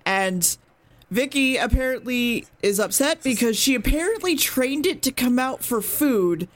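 Woman, fairly high voice, casual podcast recap, rambling, swearing, restarts sentences. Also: animated, unhurried. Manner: rambling, swearing, self-correcting. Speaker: podcast co-host recapping an episode.

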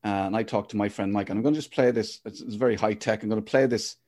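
A man hosting a podcast, chatting casually and warmly with his guest. His voice is husky, and he gets animated when he acts out his own reactions. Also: on the low side, quick pace. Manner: animated, puts on his own panicked inner voice. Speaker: podcast host. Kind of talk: casual interview chat.

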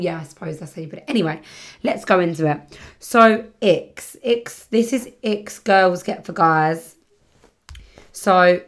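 A British woman hosting a casual solo podcast, chatting in a rambling way, full of fillers and self-corrections. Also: lowish voice. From Britain. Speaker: podcast host. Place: home setting near the seaside.

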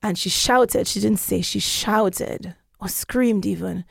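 A woman podcast host telling a story in casual chat, animated and acting out the voices she quotes. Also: mid-range voice, slow pace, gravelly, breathy edge, no echo, clean studio sound. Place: London.

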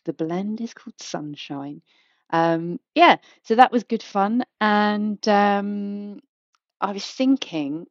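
A woman with a lowish, slightly mellow voice rambles frankly on her casual solo podcast. The recording from her home mic is dry and a little dull, with no echo.

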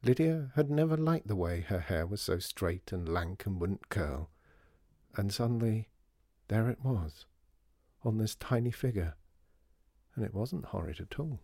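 Man reading a kids story, lowish voice that swings up and down a lot, dry close sound. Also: unhurried, pauses often, no room sound. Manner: expressive, does character voices. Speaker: audiobook reader. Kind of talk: storybook narration.

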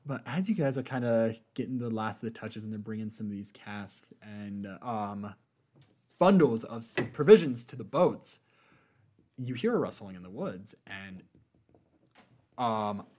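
A man's voice: lowish voice, measured pace. A man with an ordinary mid-range voice narrates a tabletop game as its game master. His delivery is easygoing and full of hesitant fillers. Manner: relaxed, filler-heavy storytelling.

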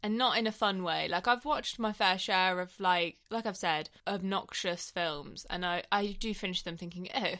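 A woman's voice: fairly low pitch, moderate pace, hardly any pauses, fairly bright tone. Laughing, blunt woman podcast host. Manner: laughs often, blunt and opinionated. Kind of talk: casual film-review chat.

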